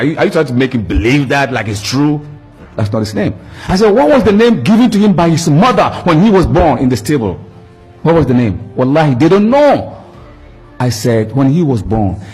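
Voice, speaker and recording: A man's voice: fairly high pitch, breathy edge. A man preaching and retelling a debate, acting out both sides with emphatic repetition. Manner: animated, acts out both sides of the exchange; emphatic, repeats words for effect. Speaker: Islamic preacher.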